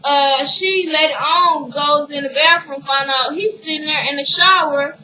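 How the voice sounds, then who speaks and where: A woman casually recapping a TV episode for her viewers, animated and emotional, with frequent asides to the audience. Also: high-pitched, unhurried, slight background noise, rough recording.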